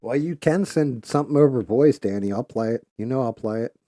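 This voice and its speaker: A man's voice: mid-range voice, a little fast, warm tone, no room sound, clean studio sound. Blunt, profane man. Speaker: live show host. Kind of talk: casual live-stream chat.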